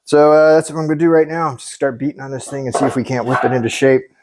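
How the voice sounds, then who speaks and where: A man casually talking through his truck build in a workshop, relaxed and thinking aloud as he works. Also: mid-range voice, fast, background noise. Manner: relaxed and hands-on, thinking aloud while working. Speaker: car builder and channel host. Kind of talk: casual shop talk explaining a build.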